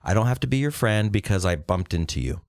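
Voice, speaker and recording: A man's voice: lowish voice, fast, no room sound. A man co-hosting a podcast in loose, swearing banter, with a dry, close sound. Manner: animated, swearing, breaks into exaggerated quoted voices. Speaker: podcast co-host.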